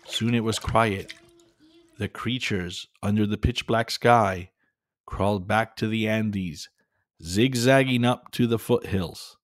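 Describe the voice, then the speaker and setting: A man narrating a children's adventure story in a calm, measured way. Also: fairly low pitch, no echo. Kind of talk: scripted narration.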